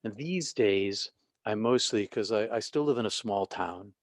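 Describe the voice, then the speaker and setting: A middle-aged man, a former pastor, telling stories as a podcast guest, halting and restarting often and sometimes dropping to a soft whisper. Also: on the low side, no room sound. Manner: halting with many restarts, drops to a soft whisper when quoting. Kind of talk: storytelling interview.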